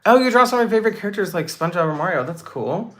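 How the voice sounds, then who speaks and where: A young woman hosting a casual livestream Q&A, reading out chat comments in a bubbly, chatty way with quick asides. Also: fairly low pitch, lively intonation. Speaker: livestream host.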